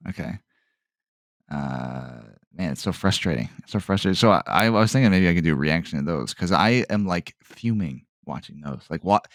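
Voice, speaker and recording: A man's voice: low-pitched, lively intonation, normal speed, no room sound, clean studio sound. A man hosting a solo podcast in a casual, rambling way, often trailing off with "I don't know" and asking himself questions, with sarcastic asides. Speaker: podcast host.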